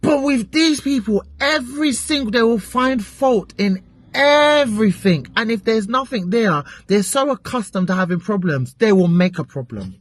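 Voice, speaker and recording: A British woman vents in a chatty vlog, exasperated and swearing freely. Her pitch leaps and dips all the time. The sound is dry and close. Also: normal speed, no room sound. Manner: animated, exasperated ranting with frequent swearing. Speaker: vlogger.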